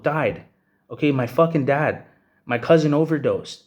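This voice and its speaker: His voice is a bit high and slightly mellow, unhurried yet lively in intonation. An angry young vlogger from Hamilton, Ontario, Canada, he rants profanely to the camera, tossing in "bro" and "you know what I'm saying."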